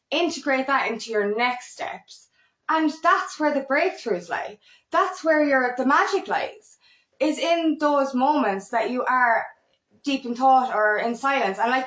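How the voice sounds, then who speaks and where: A woman's voice: a little high, a bit bright. A woman empowerment coach in a casual vlog, rambling earnestly with restarts, repeated words and the odd swear word. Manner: occasional swearing. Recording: echoey room.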